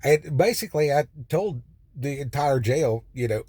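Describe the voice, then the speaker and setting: A man with a higher-than-average, darkish voice and lively intonation speaks at a measured pace, with no room sound. Sitting in his roadside car, he vlogs a raw personal testimony, cursing freely and circling through it with plenty of fillers and restarts.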